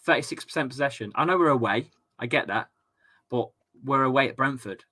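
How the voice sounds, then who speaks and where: Bright-voiced chatty English lad hosting. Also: male voice, mid-range voice, a little fast. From England. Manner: chatty, jokey, repeats himself and stumbles on words. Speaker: host of a fan watchalong stream. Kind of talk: casual live-stream chat reading comments.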